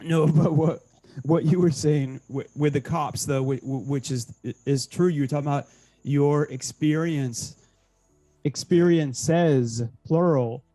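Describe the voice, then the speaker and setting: A man co-hosting a casual podcast, agreeable and halting, with frequent restarts and dry jokes. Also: fairly high pitch, fairly even intonation, warm tone, soft background music, low-quality recording. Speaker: co-host.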